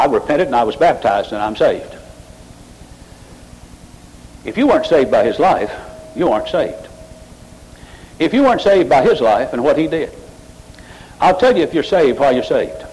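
A man preaching a sermon, rising sharply in pitch and volume as he drives his points home. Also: a little mellow, rough recording. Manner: mocking emotional worshippers in a high voice. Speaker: pastor.

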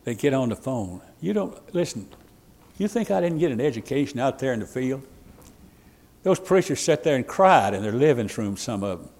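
A male pastor delivers a folksy sermon, quoting old scripture and chuckling at his own jokes. His pitch swoops widely as he swings from loud, emphatic bursts to hushed, confiding asides. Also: very animated, normal speed.

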